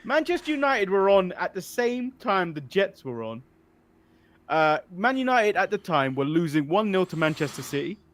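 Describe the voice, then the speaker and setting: High-voiced English man telling stories. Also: moderate pace. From England. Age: 30s. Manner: animated storyteller, laughs often. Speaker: podcast co-host. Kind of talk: casual chat.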